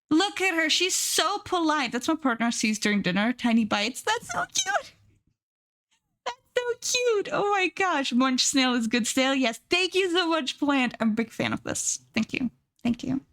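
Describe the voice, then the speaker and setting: A woman streaming live and chatting casually with her viewers, repeating herself and gushing in high squeals. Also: a bit bright.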